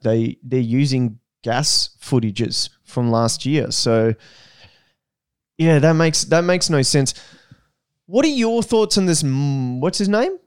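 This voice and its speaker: A man's voice: medium pitch, smooth, no echo, clean studio sound. A young Australian man hosting a podcast, chatting casually and joking around. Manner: joking, laid-back, quick asides. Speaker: podcast host. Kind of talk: casual chat.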